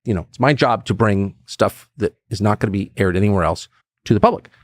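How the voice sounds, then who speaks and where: A middle-aged man talking as a podcast guest, blunt and animated, acting out quotes with sudden high bursts. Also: fairly quick, no echo. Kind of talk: casual conversation.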